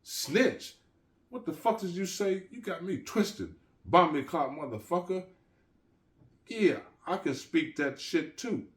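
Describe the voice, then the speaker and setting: A man voicing a hot-tempered male gangster who shouts and curses in street slang. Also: low-pitched, moderate pace, close to an everyday voice. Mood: furious.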